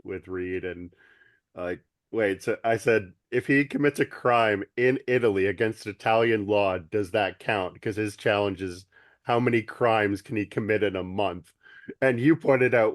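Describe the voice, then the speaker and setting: A man's voice: lowish voice, a little slow, dry recording, studio quality. A man co-hosting a podcast, chatting casually and jokingly about a cartoon episode in an easygoing way. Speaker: podcast co-host.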